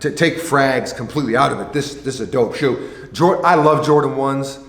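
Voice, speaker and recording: A man's voice: mid-range voice, normal speed, a bit bright. A man who hosts a sneaker vlog, talking casually and rambling with jokes and restarts. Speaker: sneaker vlogger. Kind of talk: casual chat. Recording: roomy echo with long reverb.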